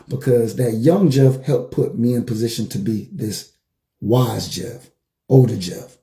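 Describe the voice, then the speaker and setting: Storytelling with animated energy, a male life coach gives a motivational talk on a livestream and repeats his phrases for emphasis. His voice is medium-pitched, and the recording sounds roomy.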